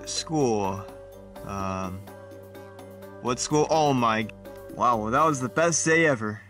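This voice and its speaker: A man's voice: medium pitch, animated, slow pace, fairly bright tone, soft background music. Man voicing many goofy sketch characters. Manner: switches between goofy character voices. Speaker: comedy sketch creator voicing several characters. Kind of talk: scripted comedy sketch.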